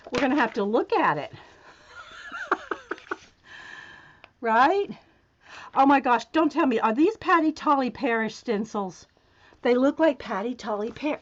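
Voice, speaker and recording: A woman with a lively, higher voice hosts a casual crafting vlog, chatting to viewers as she works. She talks in an excitable, animated way. The home recording sounds a little dull and lo-fi. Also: a little slow, pauses often. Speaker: craft video host.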